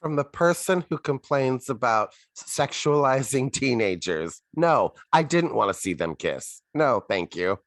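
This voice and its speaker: Gravelly, sarcastic man co-hosting a podcast. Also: mid-range voice, lively intonation, measured pace, hardly any pauses, a bit bright, dry recording, clean studio sound. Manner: blunt, sarcastic complaints. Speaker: podcast co-host. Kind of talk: casual chat.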